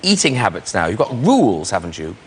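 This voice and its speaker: An Irish man hosting a chat show, teasing his guests in quick banter. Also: low-pitched, huge pitch swings, husky. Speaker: talk show host. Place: TV studio. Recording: loud studio audience and noise.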